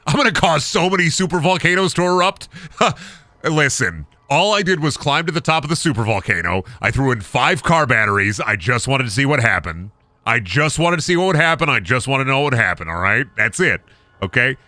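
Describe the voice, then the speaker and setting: A man's voice: medium pitch, expressive, brisk, sharp tone, dry recording. A young man streaming a game, rambling through goofy jokes, swearing, and chatting with his audience. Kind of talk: casual game-stream commentary.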